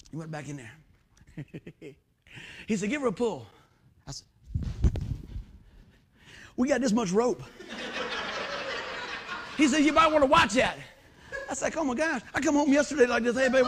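A male preacher, telling a story in a sermon and acting out the quotes. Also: extremely high pitch. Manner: animated storytelling with acted-out quotes.

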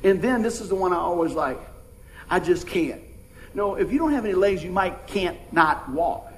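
A middle-aged man preaches in a loose, conversational way, tossing questions out to the pews. His voice sits high for a man. A faint noise floor runs under the recording. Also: animated, brisk, rough recording. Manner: folksy, conversational preaching with audience call-outs. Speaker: pastor. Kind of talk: sermon.

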